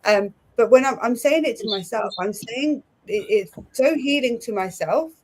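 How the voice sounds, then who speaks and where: A woman's voice: a little high, normal speed. A woman on a live panel, talking in a candid, self-reflective, chatty way. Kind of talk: casual panel discussion.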